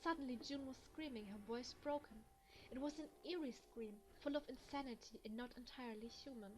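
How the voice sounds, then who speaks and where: Woman, young adult, German accent, high voice, reading a visual novel with emotional reactions, light background hiss. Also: normal speed. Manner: emotional, exclaiming reactions between hushed reading. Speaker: gaming let's player.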